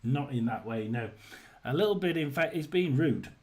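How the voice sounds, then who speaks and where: A man hosting a casual live chat, rambling and hesitant, often clearing his throat and telling jokes to his viewers. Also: mid-range voice, animated, moderate pace, slight background noise. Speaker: host of a live tarot chat stream.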